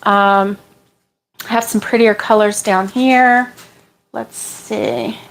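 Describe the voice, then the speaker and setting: A middle-aged woman chatting casually while sorting yarn for her crochet channel, self-deprecating and quick to laugh. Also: medium pitch, steady tone, low-quality recording. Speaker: crochet vlogger.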